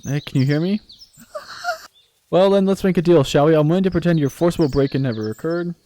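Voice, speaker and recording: A man's voice: fairly high pitch, fast talker, dark tone, a little hiss or hum. A man streaming a game live, reading the dialogue aloud and ranting about the story with exasperated laughter. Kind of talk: live game playthrough reaction.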